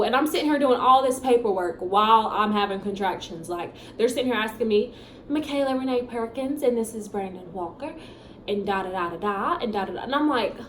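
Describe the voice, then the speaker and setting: A young woman telling her own story in a casual, animated way, acting out what people said. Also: mid-range voice. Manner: animated, chatty storytelling with acted-out quotes. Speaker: vlogger. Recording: echoey room with faint background hum.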